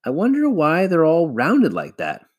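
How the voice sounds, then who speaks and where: A man's voice: on the high side, wildly swooping pitch, unhurried, a little mellow, slightly rough, lo-fi sound, pitched above the performer's own voice, exaggerated voice. A man voicing a practical, matter-of-fact young man in a storybook reading.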